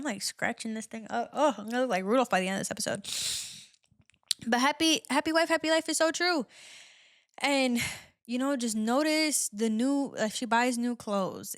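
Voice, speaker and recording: A woman's voice: on the high side, a little fast, no echo, clean studio sound. A young woman hosting her own podcast, giving candid relationship advice in a chatty, casual way full of "like" fillers. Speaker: podcast host. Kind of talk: casual solo podcast chat.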